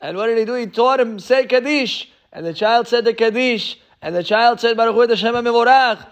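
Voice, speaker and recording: A man's voice: very high voice, fairly quick. A male rabbi giving a sermon, reading passages and translating each line into as he tells a story. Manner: reads Hebrew source then translates into English.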